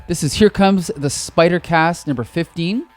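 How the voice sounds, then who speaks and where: A man co-hosting a comic book podcast in casual chat, talking with a lozenge in his mouth and getting animated as he retells scenes. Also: fairly high pitch, normal speed, faint music behind. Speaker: podcast co-host.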